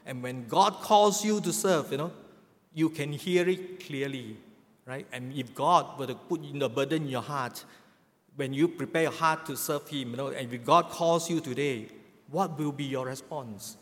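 A man's voice: medium pitch, normal speed. A middle-aged man preaching a sermon as a pastor, asking rhetorical questions and adding a chuckling "right?". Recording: long hall reverb.

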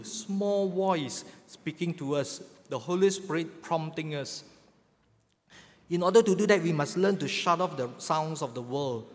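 Middle-aged pastor preaching in a reverberant hall. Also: male voice, fairly high pitch. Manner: rhetorical questions with tag "right?" and chuckles. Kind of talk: sermon.

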